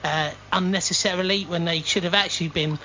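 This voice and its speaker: A man's voice: high voice, fairly even intonation, a little fast, heavy background noise. Teasing Scottish man on local radio. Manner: teasing, chatty, laughs often. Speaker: radio co-host and presenter. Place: radio studio. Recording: lo-fi radio broadcast.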